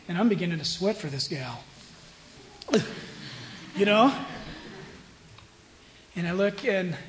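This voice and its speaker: A man delivers a sermon as a storytelling pastor, his voice sitting high for a man. He drops to hushed asides, then rises to loud, emphatic bursts. A faint hum of room noise runs underneath. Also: rough recording.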